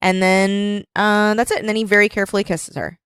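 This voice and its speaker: A woman's voice: flat delivery, fairly quick, a bit bright, clear, resonant tone, no echo. A woman co-hosting a podcast, chatting casually about a book and often reading passages aloud. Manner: reads passages aloud, quoting characters in a lower voice. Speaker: podcast co-host. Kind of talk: casual book-discussion chat.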